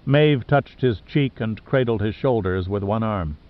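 A man reading an audiobook in steady scripted narration. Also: lowish voice, a little slow, highs cut off.

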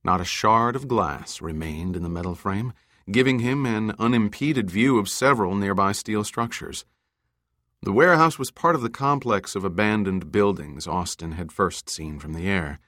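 In a measured, deliberate delivery, a man with a deep, low voice narrates an audiobook. His tone comes across bright and forceful, captured in a close, dry recording without any room sound.

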